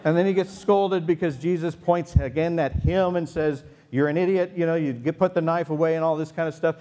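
Casual, joking male preacher, storytelling sermon, slightly higher voice. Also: darkish tone. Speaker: pastor. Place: church sanctuary before a congregation.

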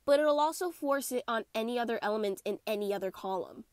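A young woman with a stuffy, congested voice, hosting a playful, animated chemistry lesson. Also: a little high, quick pace, no echo, studio quality. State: congested from a cold. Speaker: chemistry video host. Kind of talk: casual explainer lesson.

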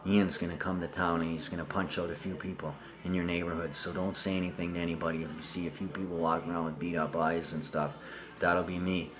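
Man, rambling profane monologue, lowish voice, skips from topic to topic. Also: steady tone, fast.

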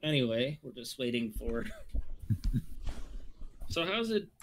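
A man running a tabletop game, with a voice of ordinary middle pitch. He narrates at an unhurried, measured pace and laughs often between rulings. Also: very animated, a little hiss or hum. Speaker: game master.

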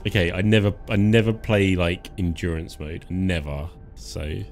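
A man's voice: low-pitched, steady tone, normal speed, music in the background. A man giving casual live commentary while playing a game, joking and chuckling as he talks to himself and his chat. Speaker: live-stream gamer.

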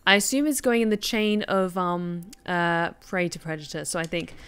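A woman's voice: fairly low pitch, steady tone, normal speed, fairly bright tone, smooth. A woman streamer casually commenting while she plays a horror game, musing and theorizing aloud. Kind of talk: casual let's-play commentary.

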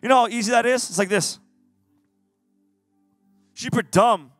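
A man giving an energetic, casual, jokey youth sermon as a youth pastor. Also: extremely high pitch, measured pace, no echo, clean studio sound, faint music behind. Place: youth service hall.

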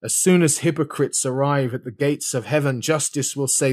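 A man's voice: medium pitch, moderate pace, few pauses, no room sound, studio quality. A man reading an old sermon aloud in a solemn, dramatic preaching manner. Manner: solemn, dramatic, shifting pace. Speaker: sermon reader.

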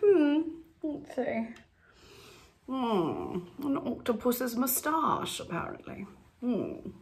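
A woman's voice: fairly high pitch, wildly swooping pitch, slow, creaky, a little mellow. A woman leading a laughter class, playful and laughing often between her phrases.

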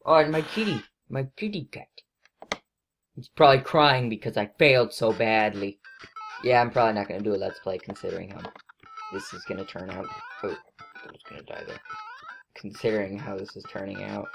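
A woman giving excitable let's play commentary as she plays, scolding herself and yelping at her mistakes. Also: rumbling low, a little fast, vocal fry, soft background music. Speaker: gaming video creator.

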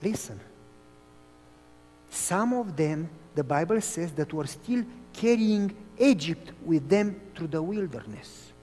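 Male pastor from Romania, storytelling sermon, high pitch, long hall reverb. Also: slow, a little hiss or hum. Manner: animated storytelling preacher.

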